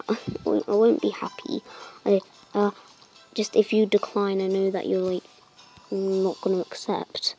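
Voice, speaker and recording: A woman hosting a channel gives casual, excitable commentary on a game, letting out delighted squeals. She fills pauses with lots of hesitant ums, her mid-range voice backed by soft music.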